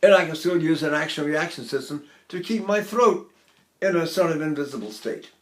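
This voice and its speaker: This older male singing teacher has a voice on the high side and a brisk delivery. Between explanations of technique he demonstrates with short sung exercises, and the space sounds reverberant.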